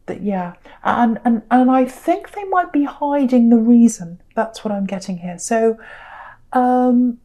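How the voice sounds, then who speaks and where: A woman giving a tarot reading to camera, talking straight to the viewer in an animated, heated way. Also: fairly high pitch, measured pace. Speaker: tarot reader.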